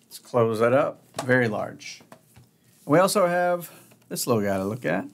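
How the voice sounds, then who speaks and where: A man's voice: medium pitch, animated, normal speed, creaky, a little hiss or hum. Chatty man unboxing a board game. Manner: chatty, upbeat, thinking aloud. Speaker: board game channel host. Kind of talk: casual unboxing commentary.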